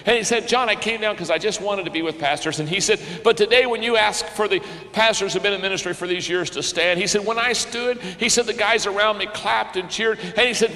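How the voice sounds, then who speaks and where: A man's voice: high-pitched, pushed and bright. An older man preaching as a pastor, telling a story in an earnest manner and repeating phrases when stirred. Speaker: pastor and leadership speaker. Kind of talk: storytelling sermon talk. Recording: long hall reverb.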